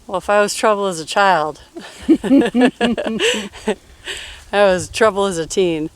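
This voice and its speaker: A woman's voice: medium pitch, measured pace, clean tone, no room sound. Woman, thirties, loose filler-heavy storyteller, mid-range voice, easygoing Q&A. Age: 30s. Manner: relaxed, rambling, filler-heavy storytelling with laughs. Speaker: interviewee. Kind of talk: casual personal Q&A.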